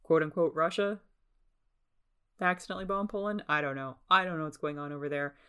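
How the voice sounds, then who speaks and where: A young woman with a low voice talks through her solo podcast from home. She rambles from one thing to the next, full of sarcastic, self-deprecating asides. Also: fast, a bit bright, clear, resonant tone. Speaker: podcast host. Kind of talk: casual solo podcast monologue. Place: home in the suburbs.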